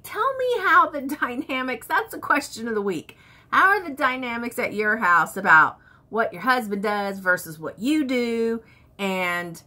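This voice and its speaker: A woman's voice: a little high, pushed and bright. A woman vlogger chatting candidly to camera, telling stories from home life. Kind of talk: casual chat to camera.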